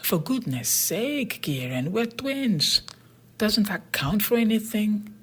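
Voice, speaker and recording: A sulky boy twin who pleads and whines, as a breathy narrator voices him. His lines rise higher in a storybook reading. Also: very animated, slow, full character voice. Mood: pleading. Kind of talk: storybook character voice.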